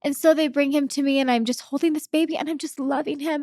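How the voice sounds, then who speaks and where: Young woman, podcast guest, slightly high voice, dry close sound, emotional halting storytelling. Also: dark tone, no room sound. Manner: emotional, halting, repeats words.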